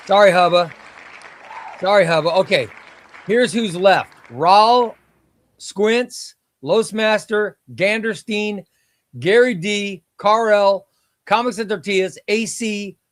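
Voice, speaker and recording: This man speaks in a high voice with no echo. Running a laid-back comic book stream, he talks with his audience and announces each name eliminated from a giveaway wheel, chatty and exclaiming every time.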